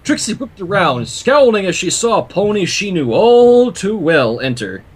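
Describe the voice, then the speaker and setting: A man reading a fan story aloud for a livestream, animated with joking asides. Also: high-pitched, moderate pace, a little hiss or hum. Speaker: story reader.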